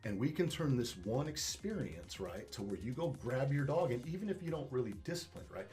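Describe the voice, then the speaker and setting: A man who trains dogs, explaining them in a casual interview and acting out owners and dogs in lively, salty asides. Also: medium pitch, fairly quick, soft background music. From Northwest Arkansas. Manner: animated storytelling, acts out dog and owner with swearing. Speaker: dog trainer.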